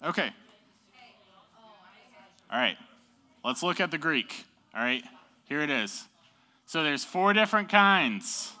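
Young male youth teacher, bright tense tone, casual and upbeat, keeps asking "okay?". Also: on the high side, animated, slow, pauses often. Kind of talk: classroom teaching.

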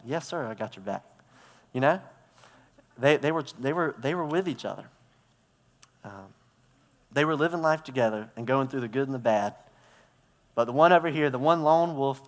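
A man giving a conversational sermon in a church, telling stories and acting out parts as he goes. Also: mid-range voice. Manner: conversational, storytelling with props and gestures. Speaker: preacher. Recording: reverberant hall.

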